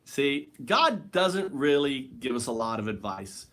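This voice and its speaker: A man's voice: medium pitch, very animated, unhurried, fairly bright tone. A man talking alone on a home livestream, loose and rambling. His delivery is wry and joking, and he keeps addressing a listener who never answers. The talk is casual and meandering. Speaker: livestream host. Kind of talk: rambling solo livestream chat.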